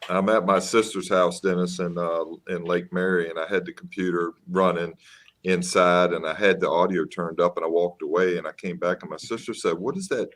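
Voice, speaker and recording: Man, very low voice, easygoing group-chat talker who laughs a lot. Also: flat delivery, a little fast, fairly bright tone. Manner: laughs often, chatty and encouraging. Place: at his sister's house.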